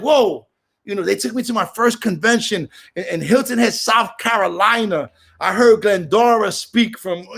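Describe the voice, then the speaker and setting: A middle-aged man from Brooklyn with a New York accent, sharing at a recovery meeting in a casual, animated way that bursts into shouts. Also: high-pitched, gravelly.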